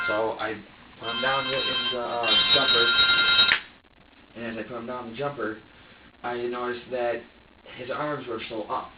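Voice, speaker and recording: A man being questioned in a police interview room, speaking in halting bursts, stumbling over his own restarts, emotional and strained. The recording is dull and lo-fi, with his voice sitting far from the mic in a roomy, echoing space. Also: mid-range voice, level tone, loud music behind the voice. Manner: halting and repetitive, restarting sentences, quoting himself.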